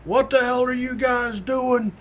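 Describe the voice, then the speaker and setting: A man's voice: extremely high pitch, fairly even intonation, unhurried, a little hiss or hum, voice pushed up. A man voicing an angry male police sergeant who is chewing out two troopers. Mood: furious scolding. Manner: yelling, scolding.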